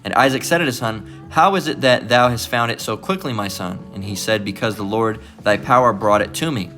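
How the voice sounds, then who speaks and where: Over soft background music, a preacher with a fairly low, sharp voice talks briskly. He reads archaic scripture aloud with stumbles and rereads, then breaks in with blunt commentary, peppering his asides with "all right?"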